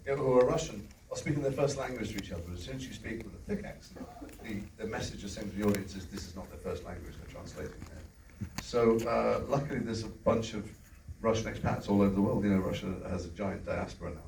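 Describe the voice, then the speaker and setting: A man on a convention panel, answering an audience question in an articulate, explanatory way, with quick restarts. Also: on the low side, vocal fry, a little mellow, a little hiss or hum. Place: large convention hall. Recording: echoey hall from far off.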